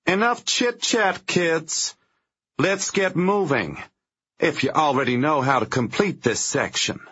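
A man's voice: a little high, slow pace, bright, forceful tone, slightly rough, highs cut off, pitched above the performer's own voice, exaggerated voice. A man voicing a harsh, commanding woman who leads a gang of thugs, barking impatient orders. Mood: bossy, mocking.

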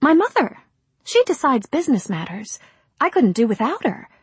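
Woman voicing a poised young actress, lifted bright tone, very breathy. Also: sits high, big pitch swings, moderate pace, no room sound, voice pushed up, heavily acted. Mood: polite.

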